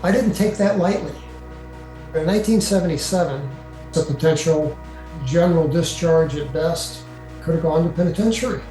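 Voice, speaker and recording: An older man recounting his own experience to an interviewer, in a halting way with many fillers. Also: a little high, mellow. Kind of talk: first-person storytelling. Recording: echoey room with faint music.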